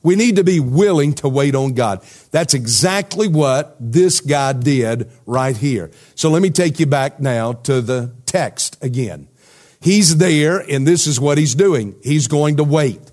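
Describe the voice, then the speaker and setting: A man preaches to his congregation. His voice sits a little high, and he keeps checking in with his listeners. He explains in a relaxed, talkative way. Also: unhurried. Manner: conversational preaching with rhetorical questions to the congregation. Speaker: pastor. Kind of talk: sermon.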